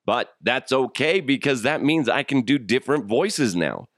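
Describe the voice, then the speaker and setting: A man in his thirties with a sick, rough throat, hosting a solo podcast in jokey, crude casual chat and laughing often. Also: medium pitch, expressive, moderate pace, fairly bright tone, no room sound, studio quality. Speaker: podcast host.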